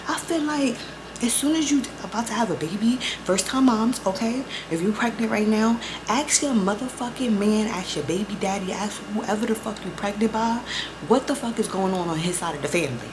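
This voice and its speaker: A woman's voice: medium pitch, a little fast. Young woman vlogger going off about her story, cussing a lot, acts out every convo, some background noise. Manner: profane, animated storytelling with quoted back-and-forth. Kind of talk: casual storytime chat.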